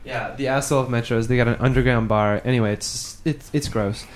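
A man's voice: mid-range voice, a little fast, a little hiss or hum. A man in casual podcast chat, telling rambling anecdotes and doing voices for other people. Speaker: podcast co-host.

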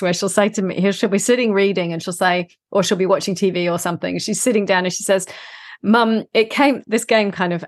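Middle-aged woman, lowish voice, enthusiastic chat about family games, laughs a lot. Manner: warm enthusiastic, laughs while talking. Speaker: podcast co-host and parent. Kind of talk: casual conversational podcast chat.

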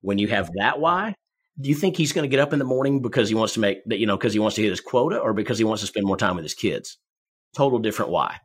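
A man with a husky, slightly low voice explains goal setting to salespeople. He talks in rapid, energetic bursts and often restarts or repeats words. The tone is conversational advice laced with stories. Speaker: sales coach guest.

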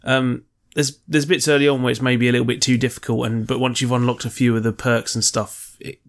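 A man's voice: medium pitch, flat delivery, brisk. A man co-hosting a podcast in casual chat, rambling, joking and swearing freely. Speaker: podcast co-host.

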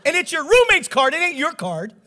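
High, bright-voiced animated preacher man. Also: brisk, a faint crowd. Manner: animated, joking, acts out voices. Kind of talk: storytelling sermon.

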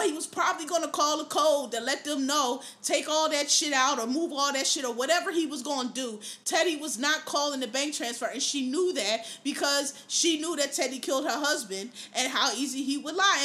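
A woman hosting a podcast, talking in a casual, profane monologue and telling animated stories with plenty of laughter. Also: high-pitched, a little fast, hardly any pauses. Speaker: podcast host.

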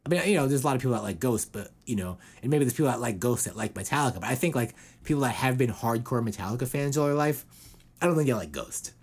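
A husky-voiced man hosts a loose, casual podcast. His pitch swings widely as he rambles, full of fillers and little put-on voices. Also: expressive, fast. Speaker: podcast host.

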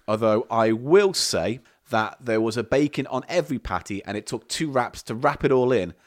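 A man's voice: medium pitch, expressive, normal speed. A man hosting a comedy podcast, reading out listener letters in a dry, sardonic and sweary way. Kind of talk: casual comedy chat.

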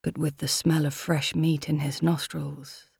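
A woman reading an audiobook in a measured, steady manner. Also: sits low, vocal fry, slightly rough, no echo, clean studio sound. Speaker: audiobook narrator. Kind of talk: audiobook narration.

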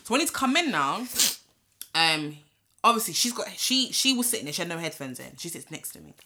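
Brief: young podcast co-host, lively bright voice, sweary animated storyteller, drops into patois. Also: female voice, on the low side, brisk. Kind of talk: casual chat, storytelling.

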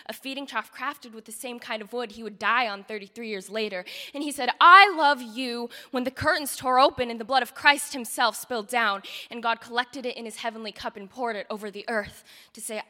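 A woman giving a dramatic spoken-word poetry performance, swinging from loud declarations to hushed whispers. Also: fairly high pitch. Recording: echoey hall.

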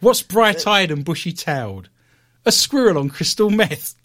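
A British man hosting a podcast, chatting through odd news stories with jokes, puns and quick asides. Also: sits high, animated, fairly bright tone. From Britain. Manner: jokey, punning, quick asides. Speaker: podcast host. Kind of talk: comedic news chat.

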